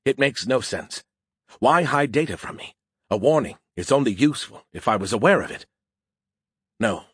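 A man's voice: mid-range voice, animated, normal speed, slightly rough, dry recording, clean studio sound. A man voicing a boastful, moody male AI in a beer can, speaking formally without contractions in an audiobook reading. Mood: troubled.

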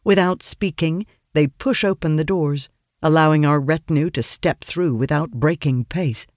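A man reading a fantasy story aloud in a steady storytelling manner. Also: on the high side, moderate pace, no echo, clean studio sound. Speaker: audiobook narrator. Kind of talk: scripted fantasy narration.

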